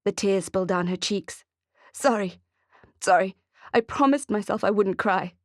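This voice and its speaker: A woman's voice: medium pitch, normal speed, no echo, clean studio sound, close to an everyday voice. A woman reading the part of a tearful, desperate woman, emotional and pleading.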